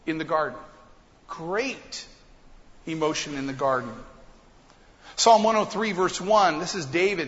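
A man preaching a sermon as pastor, swinging between quiet confiding asides and loud impassioned passages. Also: high-pitched, in a large hall, lo-fi sound.

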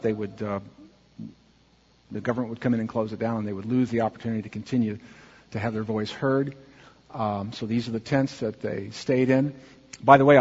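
A man speaking earnestly to a congregation as he narrates a slideshow, asking for the next slide and pausing on fillers. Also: mid-range voice, darkish tone, husky. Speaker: church mission speaker presenting slides. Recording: dull, muffled audio with long hall reverb.

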